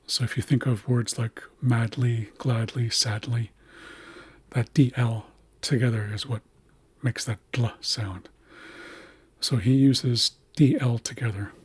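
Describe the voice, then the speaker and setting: Slow, husky man teaching pronunciation. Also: mid-range voice, steady tone, dry recording. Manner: slow, patient, repeats words to model pronunciation. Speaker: language teacher. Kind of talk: explaining a writing system, slow and careful.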